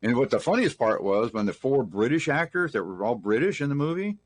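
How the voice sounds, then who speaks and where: Telling rambling, folksy stories as an interview guest, a middle-aged man from Texas keeps restarting his anecdotes. He has a mid-range, sing-song voice that runs a little fast, recorded with no room sound.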